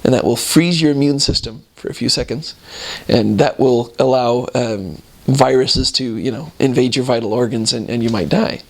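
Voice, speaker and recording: A man from the United States tells a casual anecdote at an ordinary middle pitch. He stops and restarts often, leans on fillers, and laughs at the odd parts of his own story. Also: normal speed, creaky.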